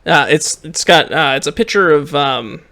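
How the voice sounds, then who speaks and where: A man narrating as game master of a tabletop game, talking haltingly with many fillers and restarts. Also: fairly high pitch, animated, vocal fry, bright, forceful tone.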